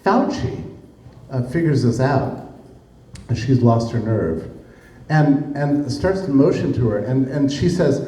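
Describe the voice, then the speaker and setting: A man's voice: mid-range voice, takes it slowly, slight background noise. A man giving a storytelling talk to a live audience, acting out the people he quotes. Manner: animated, acts out the people he quotes. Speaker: speaker giving a public talk. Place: room with an audience. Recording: echoey room, distant mic, faint ambience.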